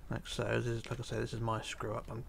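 Heavy background noise surrounds a tired, yawning tutorial host as he narrates a building session in a casual game, counting blocks under his breath. His gravelly, medium-pitched voice is fast and relaxed, now and then dropping to almost a whisper.

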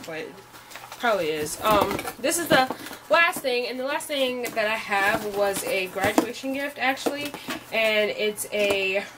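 A woman's voice: medium pitch, very noisy. A young American woman rambling through a shopping haul in a casual vlog, with lots of "like" fillers. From United States. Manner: rambling, says "like" a lot. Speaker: haul vlogger.

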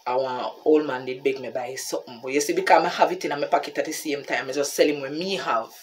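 A woman's voice: very deep voice, fast, a little hiss or hum. A woman with a Jamaican accent telling a story on her vlog, talking to her viewers and calling them "people". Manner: animated, keeps addressing viewers as "people". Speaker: vlogger.

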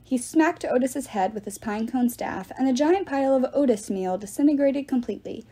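A woman reading a novel aloud with lively, expressive narration. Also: sits high, brisk, slightly rough. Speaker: reader.

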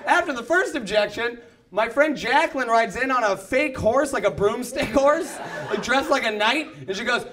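A man doing a stand-up set in a comedy club, animated, acting out the people in his stories. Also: extremely high pitch, normal speed. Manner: animated, acts out voices. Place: comedy club, half full. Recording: live club with audience laughter.

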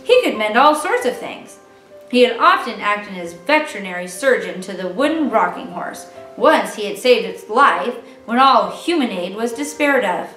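A woman reading a classic children's novel aloud in an expressive, animated way. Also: on the high side. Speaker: children's ministry reader. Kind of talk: storybook read-aloud for children. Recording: roomy, distant mic with faint music.

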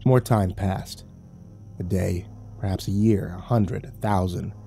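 A man reading a horror story aloud in a slow, grave, brooding manner. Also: low-pitched, steady tone, creaky, mellow. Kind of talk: scripted horror narration. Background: faint music.

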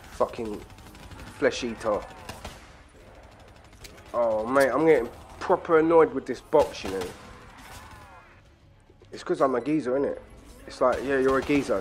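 A man giving crude, profane commentary while playing a game, full of excitable banter and sudden shouts. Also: medium pitch. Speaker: gaming channel host. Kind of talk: profane casual gameplay commentary.

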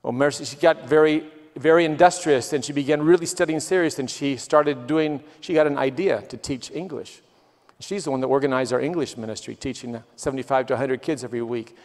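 A man with a fairly high voice gives a missionary testimony in a church sanctuary, telling stories earnestly and rising with feeling. The long reverb of the hall trails after his words. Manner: earnest storytelling, quoting people, swells with emotion. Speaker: guest missionary.

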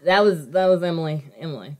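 A woman's voice: low voice, fast talker. A woman co-hosting a casual true crime podcast, telling the story with acted-out quotes. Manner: animated storyteller, acts out quotes. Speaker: podcast co-host.

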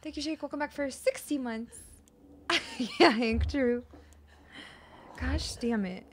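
A woman's voice: sits high, takes it slowly, slight background noise. A young woman from the USA live-streaming a horror game, chatting to viewers and yelping and swearing when startled. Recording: game music behind the voice.

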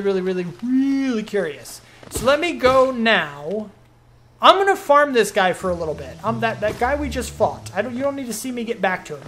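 A gaming streamer gives casual let's-play commentary, chatting to himself and his viewers and reacting with easy surprise. His voice is high and a bit bright, with slight background noise.

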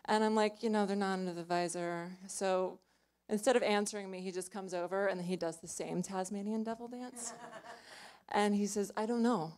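A woman's voice: medium pitch, fairly even intonation, moderate pace, darkish tone. Young woman, live stage storyteller, loose self-deprecating patter. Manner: chatty, self-mocking, full of "like" and "you know". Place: small club stage before an audience.

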